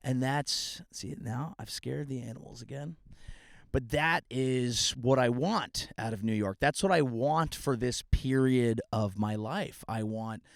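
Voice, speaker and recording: A man hosting a comedy podcast, delivering a rambling, sarcastic monologue outdoors in a grassy meadow, now and then bursting into shouts. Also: medium pitch, measured pace, gravelly, no echo. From California.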